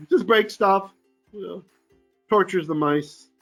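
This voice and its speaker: Higher-voiced rabbi chanting and explaining verses. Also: male voice, slow, a bit bright, faint music behind. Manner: chants Hebrew verses, then translates them in casual, joking talk; frequently clears his throat. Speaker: rabbi teaching a Torah portion. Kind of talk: informal online Torah class.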